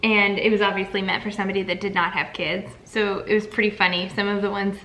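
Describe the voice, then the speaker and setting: A woman's voice: medium pitch, level tone, fast, sharp tone, slight background noise, rough recording. A young woman co-hosting a casual chat, talkative and upbeat. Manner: chatty and upbeat. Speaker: co-host.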